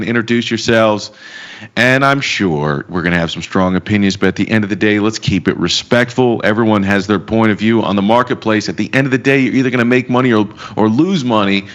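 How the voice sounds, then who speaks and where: A man in his thirties hosting a live trading show, chatty with quick asides. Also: on the low side, fairly bright tone. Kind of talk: casual live show banter.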